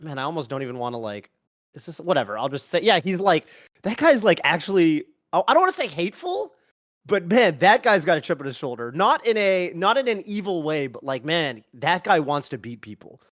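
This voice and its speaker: A man's voice: a little high, very animated, a little fast, fairly bright tone, dry recording, studio quality. A man on a panel talk show, rambling and hesitant as he thinks aloud. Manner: rambling, hesitant, many fillers and restarts. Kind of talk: casual panel chat.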